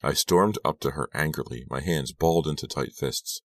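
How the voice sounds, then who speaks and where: Very deep-voiced male audiobook narrator. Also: moderate pace, a bit bright, no room sound, clean studio sound. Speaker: audiobook reader. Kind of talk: scripted first-person narration.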